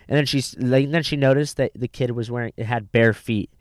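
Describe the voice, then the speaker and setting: A man's voice: medium pitch, a little fast, no room sound, studio quality. A young man swapping crude stories in a casual podcast chat, mimicking people along the way. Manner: profane storytelling, mimics people in a raised voice.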